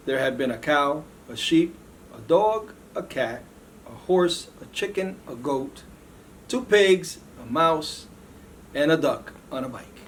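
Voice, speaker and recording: Man reading a picture book to kids. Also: on the high side. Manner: lively, varied storybook reading with animal voices. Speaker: police officer reading to children. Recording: faint background noise.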